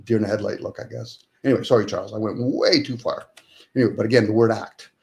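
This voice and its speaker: A man with a fairly low voice talks casually as a guest. He pushes his points with rhetorical questions and slips into quick impressions of the people he argues with. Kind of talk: casual conversation.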